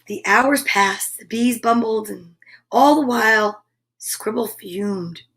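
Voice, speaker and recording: Lady reading a kids storybook out loud, expressive, kinda high voice, slow and careful. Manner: expressive, with exclaimed asides. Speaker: children's storyteller. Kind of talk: reading a picture book aloud.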